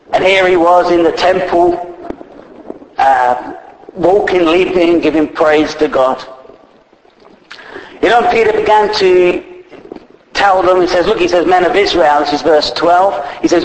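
Man, preacher, conversational sermon, somewhat high voice, echoey recording. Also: a little slow. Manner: retells scripture in plain conversational speech, with frequent fillers. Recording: echoey, faint background noise.

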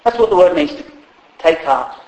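A man's voice: on the high side, expressive, moderate pace, darkish tone. A man preaching a sermon in a humorous, conversational way, acting out quotes along the way. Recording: echoey hall.

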